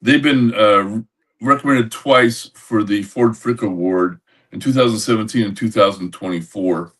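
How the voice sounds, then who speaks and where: An older man co-hosting a podcast, telling a rambling anecdote with lots of halting restarts over a video call. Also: on the low side, a bit bright, husky, far from the mic. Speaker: podcast co-host. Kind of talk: casual storytelling.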